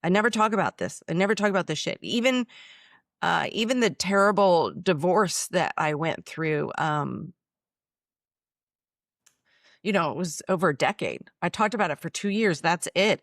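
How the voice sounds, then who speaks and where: A woman's voice: on the low side, animated, fairly quick, vocal fry, dry recording, clean studio sound. A woman speaking bluntly and emotionally about her own illness, filmed in her office. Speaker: chiropractor and author. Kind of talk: personal testimony.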